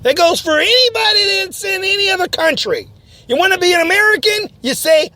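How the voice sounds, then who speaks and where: Really high, animated guy ranting on a talk radio bit, yells a lot. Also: fairly quick, dry recording. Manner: ranting, often shouting, mocking. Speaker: radio show host. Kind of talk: mock talk-radio rant.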